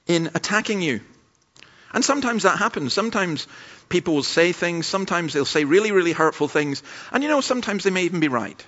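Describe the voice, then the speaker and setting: A man's voice: fairly high pitch, very animated, normal speed, sharp tone, lo-fi sound. A man pastor delivering a sermon with humorous, anecdotal storytelling.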